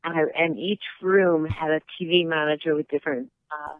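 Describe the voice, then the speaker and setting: A woman's voice: low voice, steady tone, fairly quick, no room sound. A woman guest chatting by phone, out of breath, telling stories and laughing easily. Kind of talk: casual phone interview. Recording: tinny phone line.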